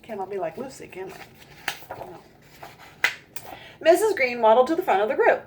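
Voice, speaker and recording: A woman reading a children's picture book aloud in an expressive storytime voice, stopping to ask listeners questions and comment. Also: a little high, moderate pace, very noisy.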